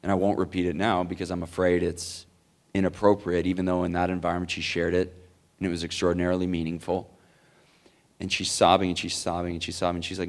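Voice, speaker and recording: Low-voiced male speaker, earnest and rambling Q&A answers, lots of "like"s. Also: level tone, quick pace, gravelly. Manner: earnest, rambling, many likes and restarts. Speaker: conference speaker. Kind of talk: Q&A answer, storytelling. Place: conference hall.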